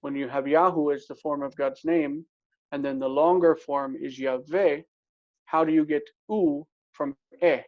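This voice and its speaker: A man teaching a casual Hebrew grammar lesson, explaining step by step and repeating words slowly. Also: on the high side, steady tone. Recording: dull lo-fi recording.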